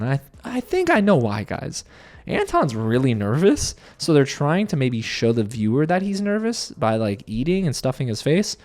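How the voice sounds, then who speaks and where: A man's voice: fairly high pitch, a little mellow. A man giving a casual, sarcastic recap of a reality show, talking straight to his viewers with lots of animation.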